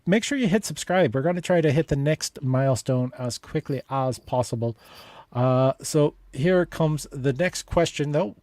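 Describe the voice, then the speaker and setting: A man's voice: mid-range voice, darkish tone, no echo. Rambling, joking male livestream host. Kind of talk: casual livestream chat.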